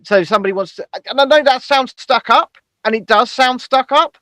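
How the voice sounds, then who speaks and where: A man co-hosting a casual podcast, with a high, bright, forward voice. He talks emphatically and with strong opinions, often restarting his sentences. The recording is dry and close. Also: brisk, no echo. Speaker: co-host.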